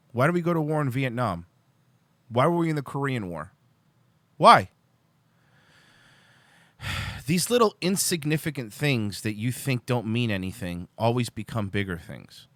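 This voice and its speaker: A man's voice: fairly low pitch, fairly bright tone, dry recording. Heated, exasperated man ranting into a dry mic. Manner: heated, exasperated, lots of restarts. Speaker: show host. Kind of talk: livestream political rant.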